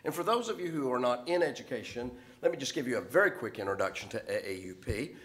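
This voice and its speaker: A man's voice: medium pitch, animated, fast, a bit bright. A middle-aged man gives a talk on a conference panel. He explains his points as a professor would in a lecture, in a mid-range voice.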